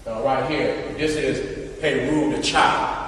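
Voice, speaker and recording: A man's voice: steady tone, takes it slowly, a little hiss or hum. Emphatic man in an echoey hall. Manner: emphatic, repeats short questions to point things out; swings between loud bursts and low asides. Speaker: presenter showing images to an audience. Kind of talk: casual street-talk lecture with slides. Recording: echoey hall from a distant mic.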